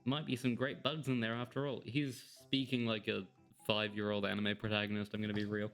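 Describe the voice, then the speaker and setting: A man's voice: on the low side, level tone, brisk, a bit bright, faint music behind. A man giving casual let's-play commentary, joking and sarcastic and laughing often. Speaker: gameplay commentator.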